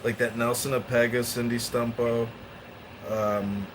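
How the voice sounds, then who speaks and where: A man's voice: flat delivery, measured pace, background noise. A man hosting a casual podcast chat, rambling through stories and opinions. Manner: rambling storyteller with bursts of high-pitched mimicry. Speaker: podcast host.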